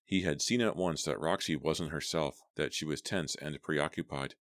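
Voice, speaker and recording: A man narrating a horror novel as an audiobook, steady and deliberate. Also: extremely low pitch, no echo, clean studio sound.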